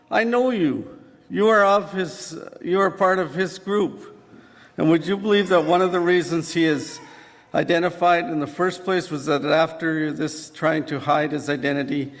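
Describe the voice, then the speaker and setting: Earnest man preaching in a church. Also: a little high. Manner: vivid, earnest storyteller. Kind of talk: dramatic sermon storytelling. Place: church sanctuary. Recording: long church reverb.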